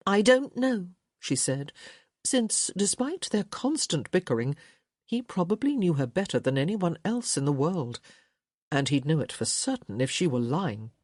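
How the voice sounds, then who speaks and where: A woman giving expressive scripted narration of a romance audiobook. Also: sits low, moderate pace, no echo, studio quality. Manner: expressive storytelling.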